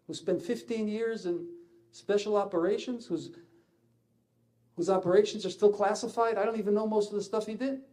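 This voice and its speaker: Older man with a dark tone, halting speech. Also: high-pitched, fairly even intonation. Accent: Israeli. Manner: halting, searching for words, rising intensity in places. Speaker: ambassador giving a speech. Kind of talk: emotional personal speech.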